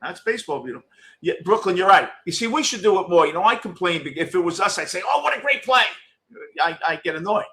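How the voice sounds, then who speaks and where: There's a slight background noise as a middle-aged postgame host rattles along at a quick pace, his voice sitting high. He addresses viewers casually, swearing freely while reacting bluntly and with excitement to the live game.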